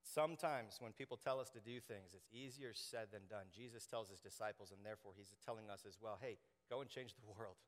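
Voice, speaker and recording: A man preaching a sermon to his congregation, animated and joking, acting out quoted voices. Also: lowish voice, brisk, hardly any pauses. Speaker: pastor. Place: church sanctuary. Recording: long hall reverb.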